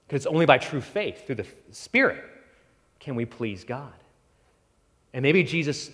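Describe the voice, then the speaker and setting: Male preacher, animated sermon, high-ish lively pitch, long hall reverb. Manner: animated preaching, voicing Bible figures in quotes. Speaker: pastor.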